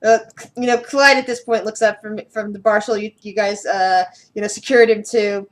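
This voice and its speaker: A woman's voice: mid-range voice, fairly even intonation, normal speed. A woman running a tabletop game as game master, often restarting her words and giggling.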